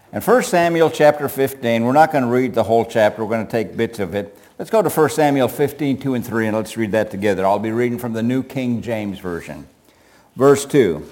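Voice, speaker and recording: A man leading a Bible lesson, reading scripture passages and stopping to ask his listeners questions. His voice sits at an ordinary middle pitch for a man. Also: a little mellow. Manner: reads scripture aloud, pausing to question listeners. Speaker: preacher. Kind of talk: bible study sermon.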